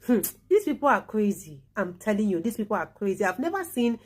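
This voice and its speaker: A woman's voice: mid-range voice, sing-song, a little fast. Female vlogger, casual and indignant reaction talk. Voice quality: indignant, chatty. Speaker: channel host.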